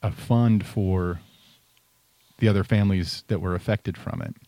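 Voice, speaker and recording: Low-voiced middle-aged man, casual chat. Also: fairly even intonation, unhurried, dark tone, no room sound. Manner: conversational, storytelling, trails off and restarts.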